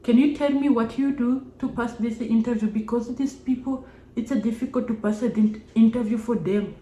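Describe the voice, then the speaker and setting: A woman's voice: on the high side, normal speed, dark tone, natural voice. Brief: woman putting on a jittery Indian-accented young woman, repeats herself, roomy echo. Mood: nervous. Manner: broken, repetitive, worried phrasing. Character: nervous young woman friend before a job interview.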